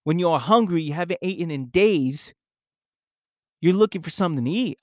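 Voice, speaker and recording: A man hosting his own podcast, talking slowly and deliberately in a reflective monologue, often repeating phrases for emphasis. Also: high voice, lively intonation, no room sound, clean studio sound. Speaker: podcast host, personal coach.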